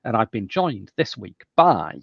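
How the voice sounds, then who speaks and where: Fast-talking low-voiced male podcast host. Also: big pitch swings, creaky, slightly rough, no echo, lo-fi sound. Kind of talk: casual podcast chat.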